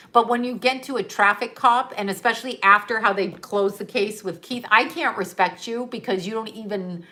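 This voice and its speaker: A woman's voice: mid-range voice, a bit bright. Profane, ranting middle-aged woman. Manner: ranting, profane, laughs often; blunt, sarcastic. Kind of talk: casual storytelling to camera.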